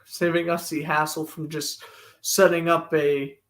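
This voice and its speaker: A young man calls a football game as an amateur play-by-play commentator, with a high voice. He walks through downs, scores and standings in a running, conversational commentary. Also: a little slow. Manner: excitable, gets loudly indignant at referees. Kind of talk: amateur live sports commentary.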